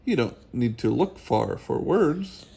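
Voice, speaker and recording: A grumpy, fussy storybook camper voiced by a man reading aloud, swinging from huffy yelps to weary grumbles. His voice leaps up and down and carries a gravelly edge. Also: mid-range voice, lively intonation, takes it slowly, dark tone, heavily acted. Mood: patient. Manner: exasperated, huffy exclamations. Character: fussy grumpy male camper who loves quiet.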